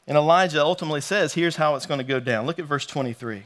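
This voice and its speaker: A young man delivers a lively sermon in a high, bright voice. He jokes with his listeners, slows down to read scripture, and throws himself into the taunting lines he quotes. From North Carolina. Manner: animated, joking, reads scripture slowly, acts out quoted taunts. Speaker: pastor.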